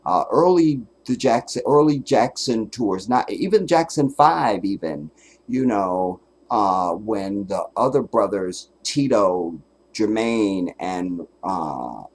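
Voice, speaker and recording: A man hosting a casual solo livestream, telling stories with animated, profane energy, often breaking into laughter and sometimes making emphatic declarations. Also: on the low side, takes it slowly. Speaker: livestream host.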